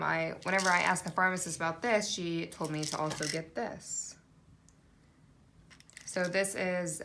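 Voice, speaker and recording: A woman's voice: fairly low pitch, noisy background. A woman chatting casually in a vlog, rambling with lots of fillers and restarts. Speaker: vlogger. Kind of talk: casual pregnancy update vlog.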